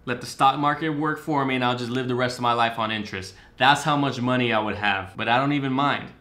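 A man hosting a reaction video, excitedly and profanely breaking down rap lyrics line by line. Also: mid-range voice, quick pace. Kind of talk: casual commentary.

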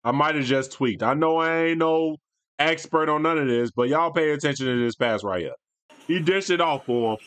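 A man's voice: fairly high pitch, moderate pace, a bit bright, clear, resonant tone. A young man giving casual, slangy reaction commentary on a basketball video, with mumbled asides. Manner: laid-back slangy banter, mumbles asides.

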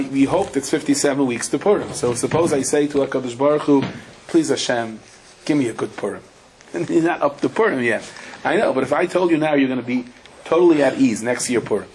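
Guy rabbi giving a torah class, chatty and wry, mid-pitched voice, bit of faint hiss behind. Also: darkish tone, low-quality recording. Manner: chatty storytelling, wry humor, many asides. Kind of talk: Torah lecture with stories.

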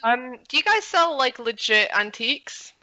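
A woman's voice: high-pitched, sing-song, moderate pace, very noisy. A woman playing a tabletop game in a brash, swearing manner. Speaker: player. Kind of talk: tabletop role-play.

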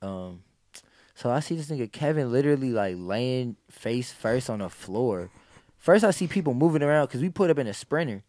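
Animated man telling a wild story. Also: mid-range voice, moderate pace, dry recording, clean studio sound. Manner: animated, profane, acts out quoted lines. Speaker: podcast guest. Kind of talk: casual storytelling.

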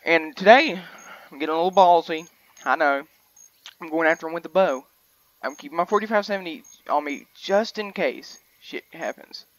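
A man's voice: a little high, normal speed, dry recording, rough recording. Chatty young man, dry close mic. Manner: rambling, chatty, self-correcting. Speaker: gaming video host. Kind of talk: casual gameplay commentary.

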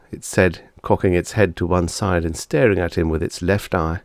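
A man's voice: deep voice, steady tone, moderate pace, hardly any pauses, no room sound. A man reading vintage science fiction aloud as scripted audiobook narration, with a dry storytelling delivery. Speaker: audiobook reader.

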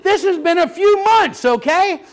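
An older man preaching a sermon, telling stories with lively energy and sudden shouts. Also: very high voice, a little slow. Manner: animated storytelling, acts out children's voices, bursts into shouts. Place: church sanctuary.

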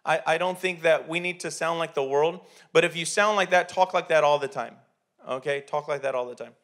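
A man's voice: a little high, a little fast, a bit bright. A man preaching a sermon in a church, talking conversationally with many restarts and repeated words. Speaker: pastor.

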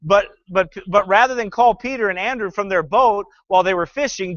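Fervent preaching man, higher-pitched, dry and muffled. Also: a little fast, hardly any pauses, a bit bright, no echo. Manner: sarcastic, fervent preaching with scripture reading. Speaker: pastor. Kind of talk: sermon critiquing a film.

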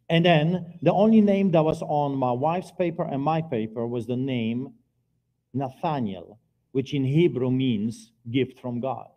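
A middle-aged man preaching a personal testimony at a church service, earnest and by turns quiet and forceful. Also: mid-range voice, lo-fi sound. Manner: earnest, swings between quiet and loud. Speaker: guest preacher giving testimony. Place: church sanctuary, live service.

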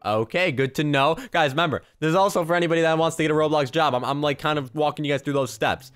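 A young man giving excited, chatty gameplay commentary, talking straight to his viewers. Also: a little high, fast talker, few pauses, clear, resonant tone, faint music behind. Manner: excitable, chatty, addresses viewers as guys and bro. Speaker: gaming YouTuber.

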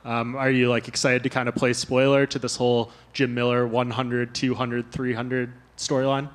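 A male reporter asking interview questions in an even, measured way. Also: mid-range voice.

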